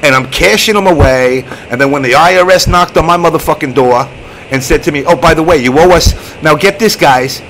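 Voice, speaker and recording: A man's voice: fairly high pitch, a little fast, a little hiss or hum, rough recording. A man hosting a casual online show, telling a long story with lots of swearing and acted-out voices. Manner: profane, animated storytelling. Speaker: show host. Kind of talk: casual chat.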